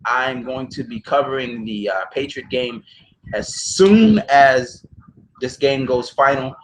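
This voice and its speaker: Man, sports vlogger, profane, heated, repetitive, medium pitch. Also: fairly even intonation, normal speed, fairly bright tone, slight background noise, poor audio. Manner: repetitive, restarts phrases. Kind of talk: emotional football commentary vlog.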